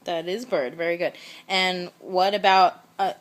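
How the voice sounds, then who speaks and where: A woman talking slowly and encouragingly to her toddler at home, praising each answer. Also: on the low side, fairly even intonation. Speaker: mother. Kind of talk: baby talk with a toddler. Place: home, at a changing table. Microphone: camera recording.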